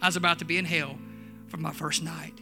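A man preaching a sermon testimony, swinging from hushed storytelling to fervent shouting. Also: on the high side, fairly even intonation, fairly quick, vocal fry, soft background music. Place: church.

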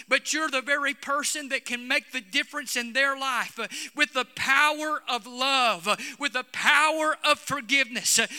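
A Pentecostal preacher man with a very high, piercingly bright voice, preaching with fervor that climbs into shouts. He leans on "uh" between his phrases. His voice rings out with the long reverb of a church hall. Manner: fervent preaching, often starting phrases with "uh", building to shouts. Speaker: Pentecostal pastor. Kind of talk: sermon. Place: church sanctuary.

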